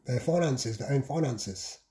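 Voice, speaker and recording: A man's voice: mid-range voice, lively intonation, measured pace, dark tone. Insistent man listing grievances. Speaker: vlogger. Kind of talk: monologue to camera.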